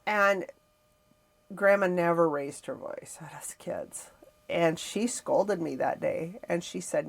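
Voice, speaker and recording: A woman's voice: on the low side, takes it slowly, vocal fry. A middle-aged woman hosting a podcast, telling a personal family story in a reflective, emotional way with frequent sighs. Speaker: podcast host.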